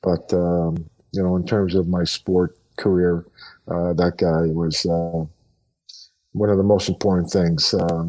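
Middle-aged male guest, very low voice, earnest and halting, off-mic sound. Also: flat delivery, mellow, distant mic, low-quality recording. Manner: earnest, reflective, many fillers and restarts. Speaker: guest, retired pro hockey player. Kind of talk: casual podcast interview.

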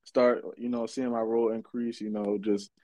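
A man's voice: medium pitch, flat delivery, moderate pace, dark tone, dry recording, low-quality recording. A young man from Baltimore, a college basketball player, answering casually with lots of "you know". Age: young adult. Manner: easygoing, fillers like you know. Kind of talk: casual interview.

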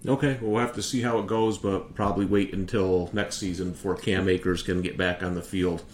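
A man hosting a casual podcast chat, upbeat and quick to laugh. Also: low-pitched, steady tone. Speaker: podcast host. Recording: echoey room sound.

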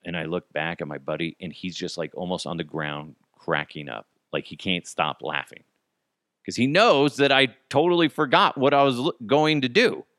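A Colorado man rambles through a humorous story on his laid-back podcast, laughing and acting out others' words, and delivers ad copy in a hyped pitch. His tone is fairly bright at a moderate pace, and the studio-quality recording is dry.

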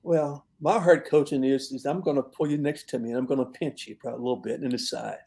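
An older man, a longtime football coach, telling relaxed stories in an interview and laughing at his own tales. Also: medium pitch, fast talker, vocal fry. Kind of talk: storytelling in an interview.

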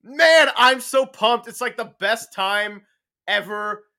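A young man hosting a podcast, excited and quick-talking as he wraps up the episode. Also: very high voice. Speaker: podcast host. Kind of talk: casual podcast chat.

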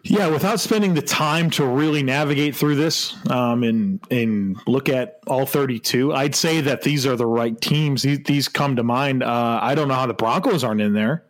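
A man's voice: medium pitch, moderate pace, hardly any pauses. A young man co-hosting a casual sports podcast, laughing often and restarting his sentences. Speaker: podcast co-host.

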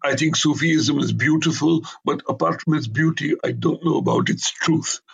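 An older man talks in a relaxed interview, full of digressions and blunt asides. His voice is husky, with a gravelly catch. He is an author telling how his work came about. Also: a little high, normal speed, lo-fi sound. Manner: emphatic, digressive storyteller with blunt opinions. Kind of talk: conversational interview.

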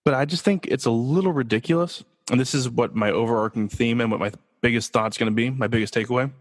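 A man's voice: medium pitch, fast, in a large hall. A man from Los Angeles hosting his own sports talk show, casual and joking, asking himself rhetorical questions. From Los Angeles, USA. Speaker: podcast host.

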